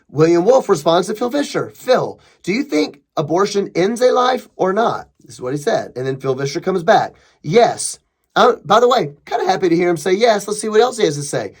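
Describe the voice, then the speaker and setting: Emphatic high-voiced man commenting. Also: very animated, brisk, husky. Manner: emphatic, sarcastic, mocking impressions of opponents. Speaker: podcast host. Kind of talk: opinionated commentary reading a thread.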